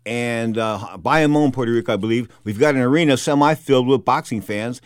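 An older man, a boxing announcer, telling an animated anecdote, repeating himself and acting out the people he quotes. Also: medium pitch, brisk, smooth, dry recording, clean studio sound. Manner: animated, repetitive, acts out quotes. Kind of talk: storytelling anecdote.

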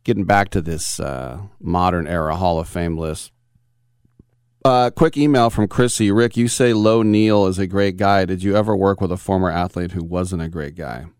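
A man's voice: deep voice, normal speed, darkish tone, clear, resonant tone, no echo, clean studio sound. A middle-aged man hosting a sports talk radio show, telling rambling anecdotes with chuckles.

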